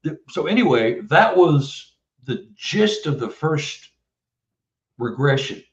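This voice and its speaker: A guest author in his seventies, hailing from Texas, rambles through a long interview story and restarts many times. His voice runs on the high side with big pitch swings and a slow delivery, and the mic sounds distant, muffled and roomy.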